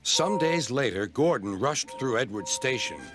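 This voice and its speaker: A man narrating a children's cartoon story as an expressive storyteller. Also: mid-range voice, measured pace. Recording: narration over music score.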